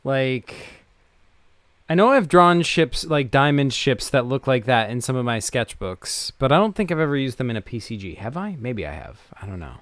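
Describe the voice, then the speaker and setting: A man's voice: medium pitch, very animated, normal speed, dry recording, studio quality. A man playing a tabletop game, asking stammering, hesitant questions. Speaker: player. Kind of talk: casual tabletop game play.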